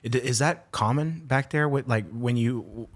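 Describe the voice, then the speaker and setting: A man's voice: medium pitch, moderate pace. A man hosting a podcast, asking a hesitant question in a casual interview. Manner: brief reactions and laughs, hesitant questions. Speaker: podcast host.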